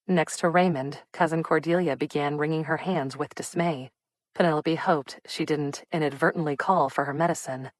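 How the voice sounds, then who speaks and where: A woman narrates an audiobook in a measured, even storytelling manner. Her voice sits low and calm. The recording is dry and close, with no room sound. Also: no room sound. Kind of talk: scripted narration.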